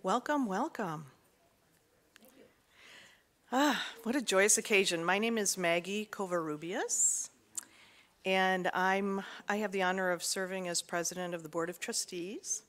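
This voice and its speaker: A woman serving as board president gives halting welcoming remarks at a service, her voice shaky with emotion. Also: mid-range voice, a bit bright. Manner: halting, with many pauses and fillers.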